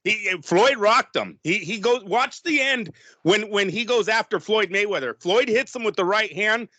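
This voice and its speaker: A man co-hosting a boxing podcast, chatting casually and laughing through animated, rambling retellings. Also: sits high, moderate pace, no echo. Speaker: podcast co-host.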